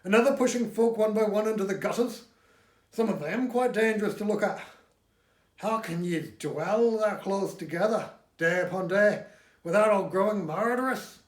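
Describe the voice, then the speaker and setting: A man voicing a blunt, jovial northern English surveyor with a County Durham accent, talking loud and hearty. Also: moderate pace, close to an everyday voice. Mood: indignant. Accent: put-on County Durham English. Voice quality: loud, hearty, raised pitch. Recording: echoey room.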